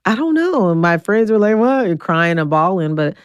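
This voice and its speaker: A woman in her forties talks bluntly and with energy, a straight shooter retelling her story for an interview. Her voice sits low and smooth, recorded dry and close. When she quotes people, her pitch leaps sharply upward. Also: moderate pace, no room sound, lo-fi sound. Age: 40s. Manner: blunt, animated, acts out quotes with big pitch jumps. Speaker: guest.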